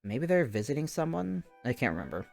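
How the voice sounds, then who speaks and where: A man's voice: medium pitch, sing-song, brisk, creaky. Young guy streaming, rambly casual chat, mid voice, bit of game music under it. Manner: rambling, chatty, many fillers.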